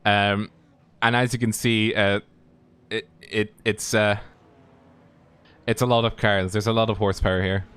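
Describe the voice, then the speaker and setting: A man's voice: on the low side, little pitch movement, unhurried, pauses often, fairly bright tone, clear, resonant tone. Easygoing male race co-commentator. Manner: easygoing, rambling with fillers. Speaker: sim racing co-commentator.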